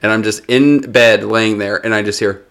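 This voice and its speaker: A young man with a low, gravelly voice in a casual podcast chat. He teases his friend in a dry tone and chuckles along with the story. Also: fairly even intonation, moderate pace, a bit bright. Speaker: podcast co-host.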